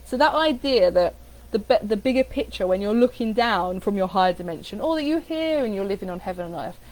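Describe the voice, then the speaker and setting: A woman giving a casual coaching talk on affirmations, animated, repeating phrases with different inflection. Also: medium pitch, a little fast, rough recording. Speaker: spiritual coach.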